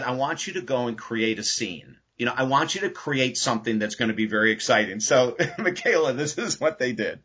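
A man, a podcast guest and author, telling an anecdote in a casual, animated interview. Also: medium pitch, slightly rough.

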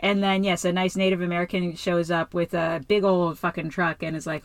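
A woman in casual podcast chat, easygoing and quick to laugh, with lots of filler words. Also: lowish voice, little pitch movement, vocal fry, dry recording. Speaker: podcast co-host. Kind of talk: casual chat recapping a TV episode.

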